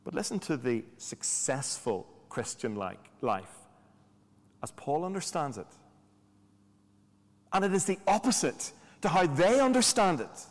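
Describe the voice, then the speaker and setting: A man's voice: fairly high pitch, very animated, a little slow, pauses often. A man preaching a sermon in a conversational way, with rhetorical questions and dry humor. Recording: long hall reverb.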